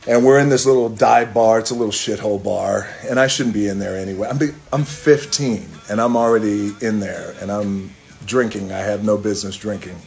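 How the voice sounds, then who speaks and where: On a phone live stream, a middle-aged man rambles casually through a story, swearing offhandedly and slipping into snatches of song. His voice is lowish, gravelly and a little mellow, with fairly even intonation and a fairly quick pace, picked up by the phone camera's mic.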